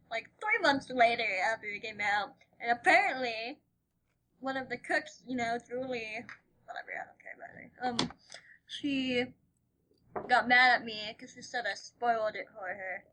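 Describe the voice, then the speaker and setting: A woman's voice: on the high side, moderate pace, pushed and bright, low-quality recording. A woman in a casual podcast chat, giggly and hesitant, often trailing off. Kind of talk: casual chat among friends.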